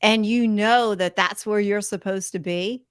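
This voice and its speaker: A woman's voice: medium pitch, fairly even intonation, unhurried, smooth, no room sound, studio quality. A woman hosting a podcast interview, talking in a reflective way with many fillers. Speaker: podcast host. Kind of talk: casual interview chat.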